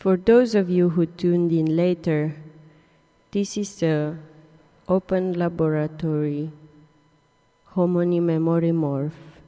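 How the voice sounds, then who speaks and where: Slow, deliberate woman in a reverberant hall. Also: on the low side, fairly even intonation, dark tone. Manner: deliberate, drawn-out phrasing. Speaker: radio performer. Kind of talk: slow spoken-word performance.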